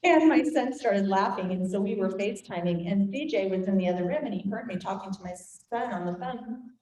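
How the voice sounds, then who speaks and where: An older woman teaching a group, telling a family story in an animated way and acting out voices. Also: medium pitch, a little fast. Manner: animated, acts out quoted voices. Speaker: Bible study teacher. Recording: echoey room, faint noise.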